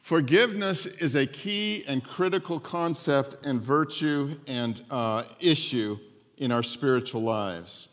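A man preaching a sermon as pastor. He retells the story conversationally, with lively asides to the congregation. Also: medium pitch, takes it slowly. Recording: long hall reverb.

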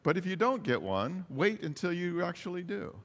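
A man's voice: sits high, sing-song, moderate pace, a bit bright. Man preaching in a reverberant hall. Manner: earnest, retells stories with quoted dialogue. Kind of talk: sermon storytelling.

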